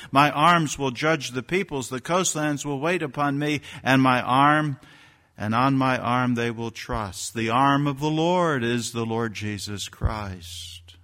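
A man preaching a sermon, his voice bright and forceful as it swells into emphatic bursts and rhetorical questions. His words ring out with a long reverb, as if carried through a large hall. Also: mid-range voice. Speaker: pastor.

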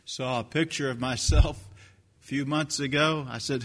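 An older man preaching a sermon, swinging from hushed, slow lines to loud, shouted ones. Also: mid-range voice, steady tone, big-room sound.

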